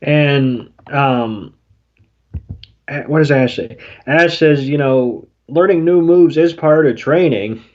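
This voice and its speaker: A man's voice: a little high, slow, darkish tone, highs cut off. A man co-hosting a podcast, chatting casually about an episode and filling with "you know". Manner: conversational, hedges with "you know". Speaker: podcast co-host.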